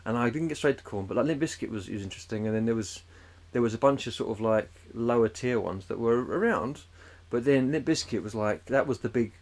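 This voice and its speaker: A man's voice: mid-range voice, expressive, brisk, darkish tone. A man, co-hosting a podcast in casual chat, rambling and swearing as he jumps into put-on voices. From England. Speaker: podcast co-host.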